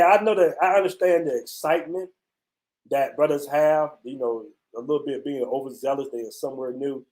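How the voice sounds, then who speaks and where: A man's voice: fairly high pitch, a little mellow. A man from the United States who hosts a travel channel, telling viewers a story in a loose, slangy way, full of "man" and "bro", outdoors on a street. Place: outdoors on a city street at night.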